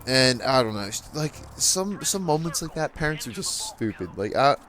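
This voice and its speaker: Soft music plays behind this gaming channel host, a teenage boy chatting through a funny story while he plays. He laughs a lot and acts out people's quotes in a mid-range, somewhat bright voice with lively intonation and moderate pace.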